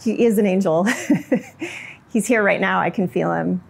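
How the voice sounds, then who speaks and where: Middle-aged woman, kinda gravelly low voice, soft reflective storytelling w lots of likes and ums. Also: brisk. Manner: soft-spoken, reflective, many fillers. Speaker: interviewee. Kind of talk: personal storytelling interview.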